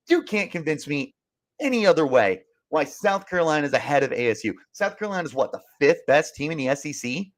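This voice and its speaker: A man's voice: on the high side, big pitch swings, fairly quick. A young man hosting a sports podcast, ranting emphatically and repeating himself in frustration as he reads live comments. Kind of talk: fired-up sports talk, reading live comments.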